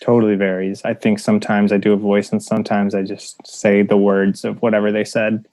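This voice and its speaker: A man's voice: on the low side, monotone, a little fast, a little mellow, dry recording. A man from Detroit, a comedian guest on a podcast, talking casually and self-deprecatingly about his craft. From Detroit, United States. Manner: easygoing, self-deprecating, hedging.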